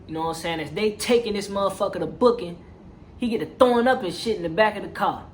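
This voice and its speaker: A reviewer retells a film in a loose, animated way, swearing freely and dropping slang. Every few phrases they check in with the listener. The voice sits at a middle pitch over a faint hum of room noise. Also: fast. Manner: animated and profane, heavy slang, constant "you feel me" check-ins. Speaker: movie reviewer. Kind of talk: casual movie recap.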